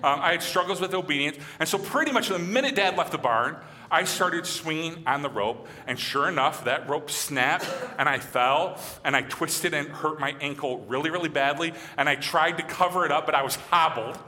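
A man from Michigan who preaches as a pastor, animated and acting out quotes in his sermon. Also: fairly high pitch, moderate pace, long reverb tail. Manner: animated, acts out quotes and voices.

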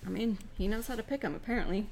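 A woman's voice: mid-range voice, creaky, noisy background. A woman co-hosting a podcast, chatting casually about comics with many fillers. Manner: chatty, uses fillers, quick to laugh. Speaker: podcast co-host.

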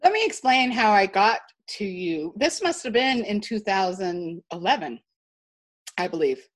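A woman telling a personal story as an interview guest, animated and emphatic, with frequent restarts. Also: medium pitch, unhurried. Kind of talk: storytelling in conversation.

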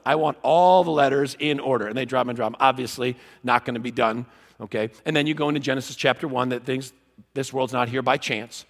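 A man giving a humorous teaching talk to a live audience, an animated and self-mocking storyteller. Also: medium pitch, fast talker. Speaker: conference speaker. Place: large conference hall. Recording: long hall reverb.

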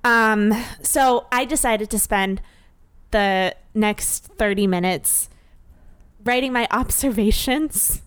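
A woman guest on a podcast, telling a dating story with deadpan dry humor. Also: fairly high pitch, takes it slowly, clean tone, dry recording. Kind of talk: casual storytelling.

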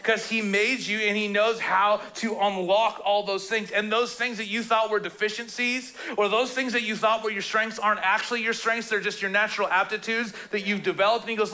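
A man with a high, bright voice preaches a relaxed, conversational sermon. He tells stories with humor and quick shifts into playful quoted voices. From Canada. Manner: jokey, animated storytelling with playful quoted voices. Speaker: pastor.

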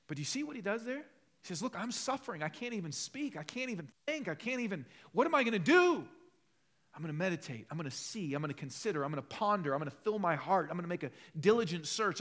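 Male pastor, high-pitched, passionate sermon delivery with big dynamic swings. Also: big pitch swings, fast talker. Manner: passionate, rises to loud emphatic peaks then drops low and conversational.

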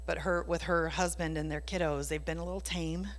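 A woman's voice: sits low, fairly even intonation, brisk. A woman sharing a casual faith testimony, telling it with animation and dropping into whispers for emphasis. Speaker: Christian speaker sharing a testimony. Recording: long reverb.

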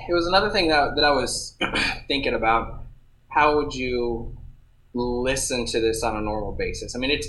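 A man chats on a podcast in an easygoing, meandering way, breaking off and restarting his sentences. His voice sits at an ordinary middle pitch. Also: fairly bright tone, rough recording. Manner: rambling, self-interrupting storyteller. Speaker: podcast co-host. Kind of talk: casual chat.

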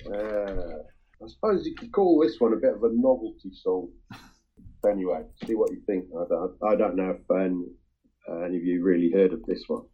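Man, husky, casual chat, halting with many ums, phone-like tinny audio. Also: low-pitched. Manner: halting, full of ums and restarts. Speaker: music-sharing group member.

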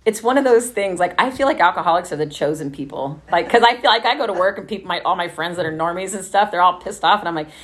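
A woman's voice: lowish voice, fast, few pauses, fairly bright tone. A woman from Texas telling her recovery story in a casual, chatty way, swearing freely and laughing often.

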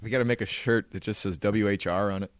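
A man's voice: on the low side, fairly even intonation, fast, dry recording, clean studio sound. A man in his thirties, a podcast co-host in casual chat who jokes and laughs often.

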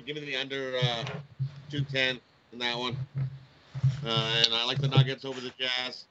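A man with a bright, sharp voice runs through his betting picks over a video call, hesitant and full of "uh"s. The audio is dull and lo-fi with faint hiss. His voice sits a little low. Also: moderate pace. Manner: relaxed, hesitant with many "uh"s. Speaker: sports betting show co-host. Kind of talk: casual betting picks chat. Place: home room with a window on video call.

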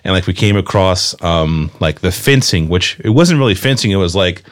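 A young man from rural North Carolina, hosting a casual podcast chat and telling lively stories with frequent laughs. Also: deep voice, normal speed. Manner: animated storyteller, laughs often, lots of "like". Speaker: podcast host.

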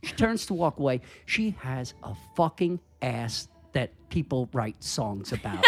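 A man guest on a comedy podcast telling a story casually, animated and profane, acting out the voices of the people in it. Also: mid-range voice, measured pace, hardly any pauses. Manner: animated, profane, acts out dialogue.

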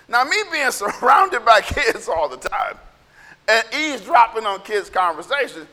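A man preaching a Bible lesson with a very high, bright voice and a lively, swooping delivery. He is playful and emphatic and sometimes shouts for effect. The room has a long hall reverb. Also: measured pace. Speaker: Bible teacher. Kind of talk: animated sermon with acted-out quotes.

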